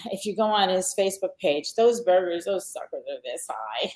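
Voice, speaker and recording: A woman's voice: fairly low pitch, lively intonation, normal speed, darkish tone. Middle-aged woman from long island just chatting on a podcast, rambles a bit with lots of um's. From Long Island, New York. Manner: chatty storyteller with frequent fillers and restarts. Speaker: podcast guest. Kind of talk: casual conversation.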